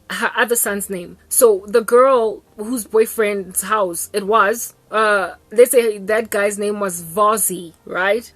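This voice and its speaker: A young South African woman vlogger telling a story in an animated, chatty way, recorded at home on a close mic. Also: mid-range voice, dry recording. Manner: animated, code-switching, chatty. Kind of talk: storytelling monologue.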